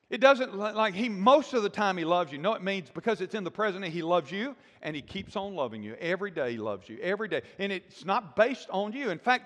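An older man, a grandfather, preaching a sermon with emphatic declarations that drop to hushed, intimate asides. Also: high voice, in a large hall. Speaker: pastor.

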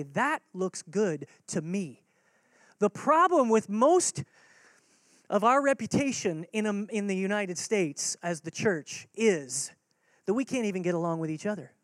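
A man's voice: high voice, no room sound, studio quality. A man preaching a sermon as pastor, earnest and conversational, repeating key words for emphasis.

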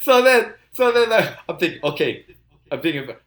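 Older man telling a lively story, higher voice. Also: brisk. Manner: lively, laughs often, acts out quotes. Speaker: guest musician. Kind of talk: animated storytelling.

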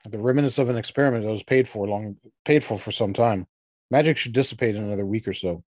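A man voicing a guarded male ogre who keeps a ruined keep, speaking in a measured, businesslike way. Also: fairly low pitch, darkish tone, dry recording, close to an everyday voice. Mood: offhand.

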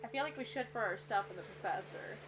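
A woman's voice: medium pitch, fast talker, fairly bright tone, slight background noise. A woman playing a tabletop game, speaking in a laid-back, blunt way. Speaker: player. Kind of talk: casual tabletop play.

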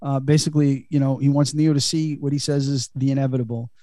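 A man's voice: mid-range voice, little pitch movement, fast talker, dark tone, no room sound, clean studio sound. A man hosting a podcast, giving a casual, chatty film recap full of fillers and laughs. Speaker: podcast host.

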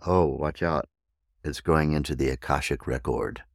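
A man hosting a podcast and teaching meditation, speaking deliberately and spelling out words letter by letter. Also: extremely low pitch, fairly even intonation, no room sound, studio quality.

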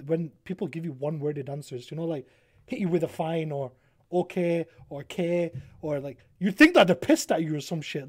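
A young man hosting a podcast, telling stories in a lively, animated way, acting out what people said and laughing often. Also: a little high, dry recording, clean studio sound. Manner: animated storytelling, acting out quotes, laughs a lot. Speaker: podcast host and streamer. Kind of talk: casual chat.

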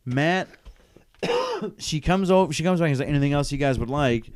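A man's voice: on the high side, normal speed, dry recording. A man co-hosting a casual chat, retelling a story with lots of laughter. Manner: laughs often while telling stories, animated retelling. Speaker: podcast co-host.

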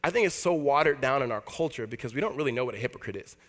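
A man's voice: medium pitch, lively intonation, rapid-fire, fairly bright tone. A man, a pastor, preaching a conversational sermon to a church congregation and acting out the voices he quotes. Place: church hall before a congregation.

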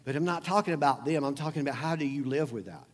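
Pastor guy preaching, kinda high voice, chatty and emphatic, big echoey church. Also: fast. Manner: conversational preaching, repeats phrases, emphatic. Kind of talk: sermon. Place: church sanctuary. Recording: long hall reverb.

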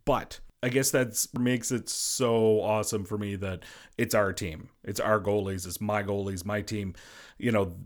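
A man's voice: lowish voice, fairly even intonation, a little slow. A man hosting a casual solo sports podcast, a former goalie who rambles and fills his talk with "you know". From Boston area. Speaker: podcast host.

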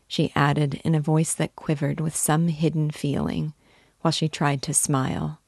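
A woman giving a gentle, measured reading of a classic novel. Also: sits low, steady tone, vocal fry, breathy edge, no echo, studio quality. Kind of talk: audiobook-style literary reading.

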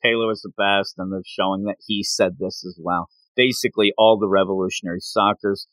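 A man hosting a casual chat recapping an anime, talking in a rambling, animated way and laughing often. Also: on the low side, fairly quick, dry recording, rough recording.

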